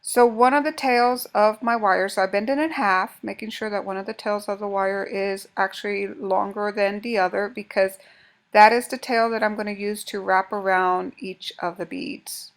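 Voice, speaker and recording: A woman's voice: medium pitch, fairly even intonation, normal speed. A woman with a mid-range voice walks through a craft project step by step. She talks casually while working with her hands, often breaking off and restarting her sentences. Her delivery is informal and practical, like a home tutorial.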